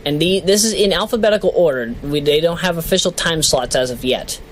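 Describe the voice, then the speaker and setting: A man's voice: fairly high pitch, a little fast, a little hiss or hum, low-quality recording. A man giving casual political commentary who jokes, stumbles over names and laughs at himself. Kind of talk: casual commentary reading a list.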